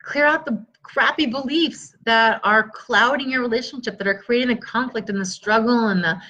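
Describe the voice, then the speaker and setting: A middle-aged woman coaching viewers on a live stream, energetic and encouraging, greeting people by name. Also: a little high, moderate pace, hardly any pauses, dull audio. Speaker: stress relief coach.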